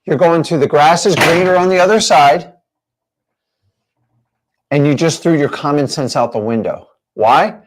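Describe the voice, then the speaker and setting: A man's voice: a little high, normal speed, pauses often. Emphatic man coaching a class. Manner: emphatic, asks rhetorical questions. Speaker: real estate coach. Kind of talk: teaching a training session.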